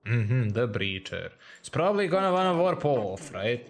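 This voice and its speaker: A man's voice: medium pitch, very animated, normal speed. Joking, foul-mouthed male game streamer. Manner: crude, joking, chatty, reads chat aloud. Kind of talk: casual live-stream commentary. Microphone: headset mic close to the mouth.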